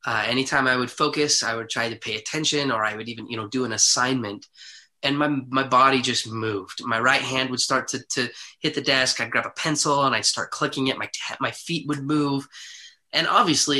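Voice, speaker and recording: A man, a podcast guest, telling a personal story in an animated way, acting out the people in it. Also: mid-range voice. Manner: animated, vivid retelling with acted quotes.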